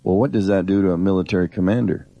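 Low gravelly guy preaching, middle-aged, earnest and direct, chatty bible teaching. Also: fairly even intonation, fast talker, dark tone. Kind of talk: conversational preaching.

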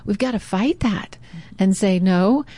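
A woman's voice: fairly low pitch, a little slow, dry recording. A woman talking about faith with her mother, telling stories and laughing easily. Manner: warm storyteller, laughs easily. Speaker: daughter in a devotional chat. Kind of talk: faith talk and storytelling.

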